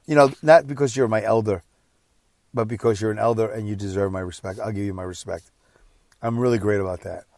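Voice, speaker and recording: A man's voice: on the low side, fairly even intonation, fairly quick, dry recording. Tired man telling a personal story. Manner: emotional, rambling, swinging between quiet and loud. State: exhausted. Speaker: podcast host.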